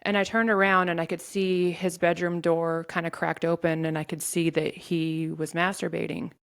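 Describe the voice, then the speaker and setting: A woman telling a painful personal story in an interview, in a halting way with many restarts. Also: lowish voice, flat delivery, gravelly, clean tone. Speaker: guest sharing her story.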